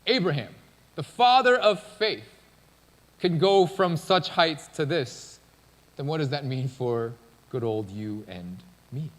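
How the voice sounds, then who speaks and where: A man's voice: a little high, animated, slow pace. A male pastor preaching a sermon in a casual, conversational storytelling manner. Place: church sanctuary. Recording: long church-hall reverb.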